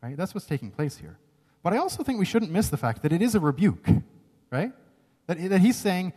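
A man delivers a sermon in a lively, higher-pitched voice that rises and falls freely. He speaks earnestly and emphatically, tossing in quick "right?" asides. His words ring out with the long reverb of a large hall. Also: husky. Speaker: preacher.

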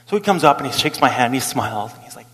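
A middle-aged male pastor preaching a sermon as an animated story, acting out the people he quotes and laughing as he goes. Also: medium pitch, racing. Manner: animated, acts out quotes, laughs while telling. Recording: long hall reverb.

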